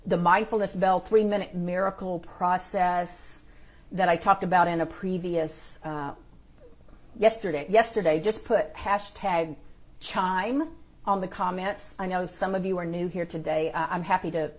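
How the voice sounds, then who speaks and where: A woman's voice: on the low side, steady tone, a little slow, a little mellow. A woman hosting a live-streamed spiritual teaching, talking informally and encouragingly, and greeting viewers in the chat by name.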